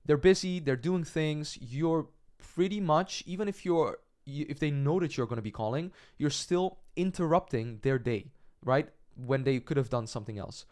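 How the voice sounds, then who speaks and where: A young adult man working as an agency coach gives a sales training lesson on cold-calling, speaking at normal speed with few pauses in a slightly high, darkish voice. He's direct, keeps checking in with "right?", and acts out sample calls.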